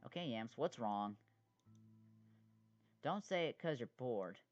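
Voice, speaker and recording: A voice actor playing a bossy, encouraging, bold big sister in an animated series, with a lively voice on a dull, lo-fi recording. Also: mid-range voice, takes it slowly, soft background music. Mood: coaxing. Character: cheerful can-do big sister, a child. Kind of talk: animated web series voice acting.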